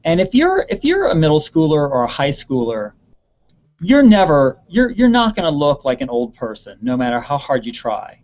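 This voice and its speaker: A man's voice: fairly high pitch, huge pitch swings, moderate pace, a little mellow, muffled recording. A man giving earnest advice on stage performance in an online question-and-answer session, often repeating words for emphasis. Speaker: theater expert answering student questions. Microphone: video call.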